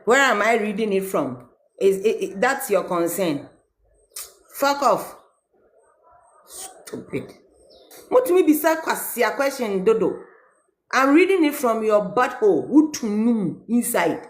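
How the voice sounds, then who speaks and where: A woman's voice: a little high, sing-song, unhurried, pauses often, reverberant. A woman with a Ghanaian accent, ranting mockingly in a casual reaction video and reading a letter aloud. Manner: mocking, switching between English and Twi, reading a letter aloud. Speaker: social media commentator.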